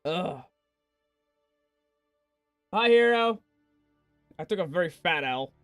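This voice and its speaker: A man's voice: sits high, lively intonation, takes it slowly, a bit bright, dry recording, soft background music. A young man streaming a game, ranting and swearing in melodramatic outbursts in a casual chat. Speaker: gaming streamer. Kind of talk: casual live-stream chatter.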